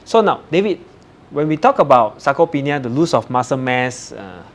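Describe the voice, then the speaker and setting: A man's voice: mid-range voice, expressive, moderate pace. A man hosting a podcast, asking a guest questions and often saying "okay" as a filler. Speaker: podcast host. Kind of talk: interview questions.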